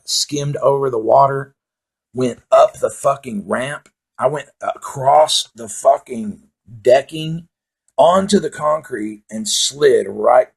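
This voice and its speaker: A man's voice: mid-range voice, gravelly, husky. A man telling profane, rambling comic stories in a casual monologue. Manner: profane, rambling, laid-back storytelling with laughs.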